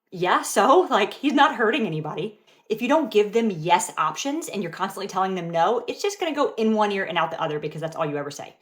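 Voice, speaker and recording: A woman talking calmly and patiently as a parent, mixing dry humor into everyday parenting skits and advice. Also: medium pitch, fast. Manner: calm, patient, dryly wry. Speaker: parent content creator.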